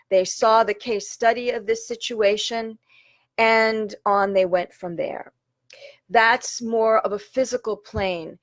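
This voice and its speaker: A woman speaking as a spiritual coach, earnest and measured, slowing down on key phrases. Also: mid-range voice, dry recording. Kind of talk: talk to camera.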